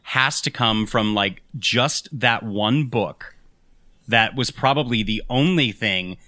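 A man with a bright, forceful tone talks about a movie in casual podcast banter. He is eager and analytical and rambles a little. His voice sounds dry and close, with no room around it. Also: fairly low pitch, slow pace, dry recording. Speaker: podcast co-host. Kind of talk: casual film discussion.

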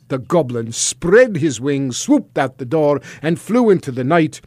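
A man reading a children's storybook aloud in a measured, expressive narrating voice. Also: on the high side, dry recording.

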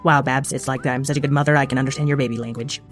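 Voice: medium pitch, fairly even intonation, soft background music, natural voice. A performer voicing a weary but doting mother who brushes off her kids' worries. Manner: fond, brisk, dismissive. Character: tired, doting mother in denial.

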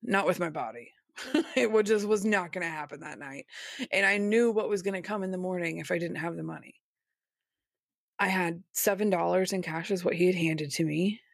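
A woman's voice: fairly low pitch, moderate pace, creaky, dry recording, clean studio sound. A woman speaking as a guest on an interview podcast, recounting her experiences in a frank, conversational way. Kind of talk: interview storytelling.

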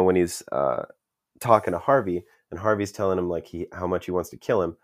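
A man's voice: low voice, no room sound, studio quality. A young man co-hosting a podcast, chatting casually and enthusiastically and acting out quotes. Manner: enthusiastic, acts out quotes, says "dude". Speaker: podcast co-host. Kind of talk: casual chat.

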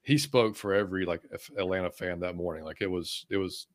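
A man's voice: sits low, steady tone, a little fast, dry recording, clean studio sound. A man hosting a fan podcast, chatting casually and greeting viewers from the live chat by name. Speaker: podcast host. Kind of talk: casual sports talk, reading live chat.

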